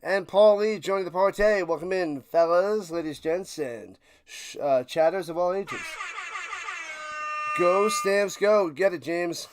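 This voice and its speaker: Calling football plays live for his stream's watch party, a high-voiced man swings excitably from shouted outrage to low, grumbling mutters and repeats himself as he rants. He keeps a measured pace, and there's a little hiss or hum in the audio.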